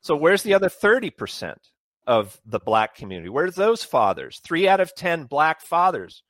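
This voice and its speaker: A man with a fairly high, lively voice speaks with fervor, piling question on question. The sound is dry and close, with no room around him. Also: normal speed, no echo. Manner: impassioned, builds on repeated questions. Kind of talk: opinionated talk.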